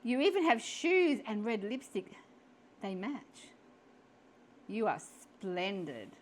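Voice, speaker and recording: A woman reading as a flattering French gentleman. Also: sits high, slow, a little hiss or hum, full character voice. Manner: flattering, forward. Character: smitten charming French gentleman.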